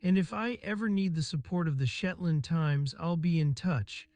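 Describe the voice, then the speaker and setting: A man's voice: on the high side, moderate pace, a little mellow, no echo, close to an everyday voice. A man voicing a cool, disdainful female detective inspector with clipped, impatient speech. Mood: dismissive.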